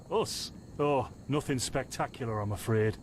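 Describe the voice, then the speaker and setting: A man's voice: mid-range voice, measured pace, slight background noise, close to an everyday voice. An actor playing a friendly, dryly amused male apothecary in a video game. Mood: genial. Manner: genial, dryly amused, lively. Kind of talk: game voice acting.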